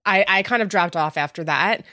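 Relaxed woman cohosting a podcast, kinda trails off, dry close mic. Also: on the low side, normal speed, no echo. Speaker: podcast co-host. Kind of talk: casual chat.

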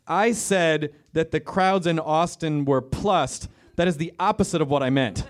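On a comedy club stage before a live audience, a man tells a quick, profane story and then introduces the next comedian. His fairly high voice moves through quick, self-correcting banter during the stand-up set and act introduction.

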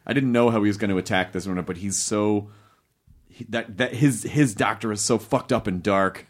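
A young man hosting a podcast, chatting in an excitable, rambling way with many restarts. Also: lowish voice, normal speed. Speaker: podcast host. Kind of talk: casual chat.

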